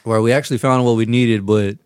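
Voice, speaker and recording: A man's voice: medium pitch, fairly even intonation, fairly quick, a little mellow. A young man in his twenties telling a casual story on a podcast, laughing and swearing often. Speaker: podcast host. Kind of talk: casual chat.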